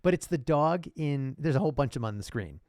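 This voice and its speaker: A man co-hosting a casual podcast, talking in an animated way, swearing freely and laughing often. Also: fairly high pitch, fast, no room sound, clean studio sound. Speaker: podcast co-host.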